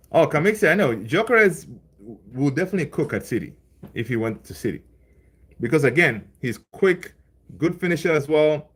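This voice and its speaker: A man hosting a casual live stream, reading chat and talking loosely, with lots of fillers and repeated phrases. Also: medium pitch. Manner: loose and chatty, laughs along with viewers. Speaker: livestream host reading chat.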